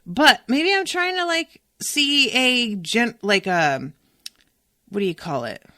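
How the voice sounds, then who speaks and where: A young adult woman talks through a book on her podcast in a loose, chatty way, cursing now and then. Her pitch swoops around a lot as she goes. The recording is dry and close, with no room sound. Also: slow, no room sound. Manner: chatty, animated, swears freely. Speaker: podcast host. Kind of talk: casual solo book discussion.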